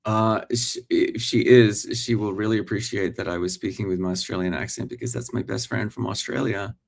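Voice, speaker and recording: Fairly low-pitched with vocal fry, this man talks briskly with fairly even intonation and hardly pauses. He's a forties-something working actor running a casual morning livestream, chatting to his audience and answering their comments.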